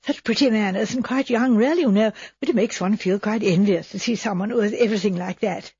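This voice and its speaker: A woman's voice: mid-range voice, brisk, a little mellow, slightly rough, no echo, muffled recording. A woman voicing a thin, fussy spinster who gossips in a fluttery, gushing way.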